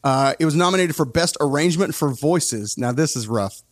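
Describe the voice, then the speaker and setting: A man hosting a casual music podcast. He talks in an opinionated, animated way and often breaks off his own sentences. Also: fairly high pitch, moderate pace, dry recording, studio quality. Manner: opinionated, animated, self-interrupting. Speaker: podcast host.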